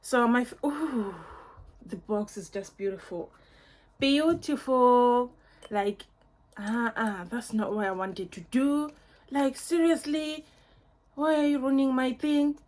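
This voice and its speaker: A woman's voice: a little high, unhurried, a little mellow. A young woman in a casual perfume unboxing review at home, gushing and effusive, full of fillers and repeats. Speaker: beauty vlogger.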